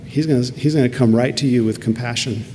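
Earnest preacher in an echoing hall. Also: male voice, medium pitch, fast talker, darkish tone, slight background noise. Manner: earnest, rises to emphatic peaks. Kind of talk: sermon. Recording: long hall reverb, faint ambience.

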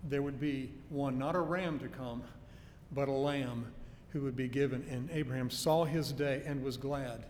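A man's voice: fairly even intonation, normal speed, darkish tone. A man preaching an expository sermon, teaching earnestly with emphatic stresses and homely anecdotes. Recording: long hall reverb with faint low rumble.

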